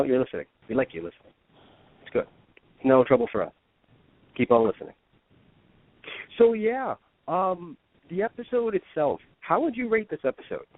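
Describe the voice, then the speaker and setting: A man's voice: a little high, no room sound. A man co-hosting a casual radio podcast, chatting in a loose, rambling way. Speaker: podcast co-host. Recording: dry phone-line sound.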